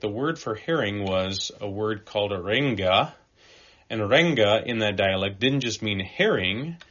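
A low-pitched man delivers a sermon in an animated way. He pushes some phrases out loud and drops others to a quiet, slow hush. The recording sounds dull and lo-fi. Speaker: preacher.

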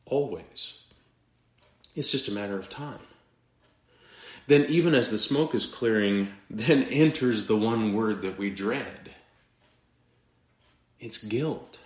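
Man giving a sermon, slow and dramatic, goes quiet for effect, echoey room, muffled lo-fi sound. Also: lowish voice. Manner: slow, dramatic delivery with pauses and sudden drops to quiet. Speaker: pastor.

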